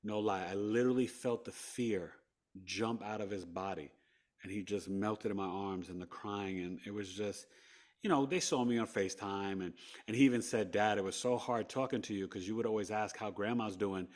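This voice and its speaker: A New Yorker with a New York accent, guesting on a podcast, has a lowish voice and a moderate pace. He tells his story with animation, acting out the quoted parts and laughing a lot.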